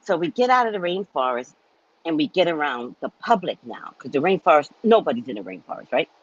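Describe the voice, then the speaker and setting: A woman hosting a psychic live stream, telling a casual, chatty story in an animated way with frequent laughs and repeated words. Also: deep voice, fairly quick, slightly rough, no echo, lo-fi sound.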